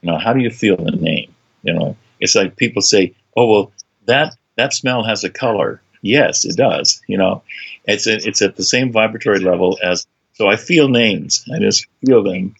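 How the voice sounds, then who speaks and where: A man speaking as an interview guest, talking haltingly with many fillers and restarts. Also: on the low side, creaky, a bit bright, husky, lo-fi sound. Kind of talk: conversational interview.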